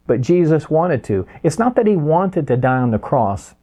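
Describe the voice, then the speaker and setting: A pastor delivering a sermon, emphatic and slowing down for key phrases. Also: male voice, on the high side, very animated, warm tone.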